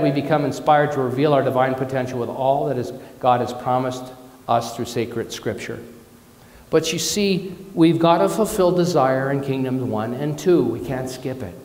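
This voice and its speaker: A man's voice: mid-range voice, darkish tone. A man preaching a conversational sermon as minister, candid and personal, telling stories with self-deprecating asides. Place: church or spiritual centre hall. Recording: echoey hall with long reverb.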